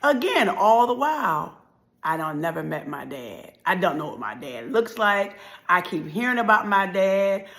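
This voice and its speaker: A woman giving an emotional motivational talk, telling a dramatic life story that swings from loud, emphatic lines to hushed ones. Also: medium pitch, very animated, normal speed. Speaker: motivational speaker.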